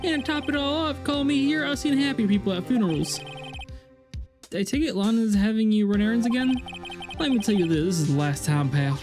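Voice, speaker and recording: A streamer voicing a gruff male police detective with a put-on Southern accent, over game music. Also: mid-range voice, a little fast, voice pushed up, lightly acted. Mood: annoyed. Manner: gruff, says "pal" a lot. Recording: game music playing behind.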